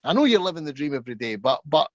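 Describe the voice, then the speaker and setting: A man hosting a podcast interview, asking halting questions and repeating words. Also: fairly high pitch, big pitch swings, dry recording. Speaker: podcast host. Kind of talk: casual interview.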